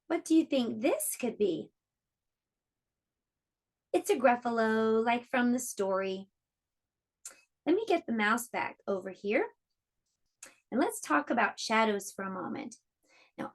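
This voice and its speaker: A woman teaching an online preschool lesson, speaking slowly and encouragingly to small children. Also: a little high. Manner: slow, encouraging, clearly explaining to small children.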